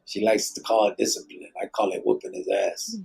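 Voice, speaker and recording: Husky, gravelly man joking around. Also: fairly low pitch, very animated, a little fast, darkish tone. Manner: joking, laughs often. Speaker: podcast host. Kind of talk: casual chat.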